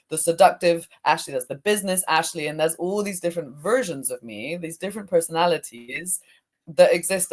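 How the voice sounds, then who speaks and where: A woman emotional release coach, talking as an interview guest in a reflective way, often searching for words with fillers. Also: sits low. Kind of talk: conversational interview.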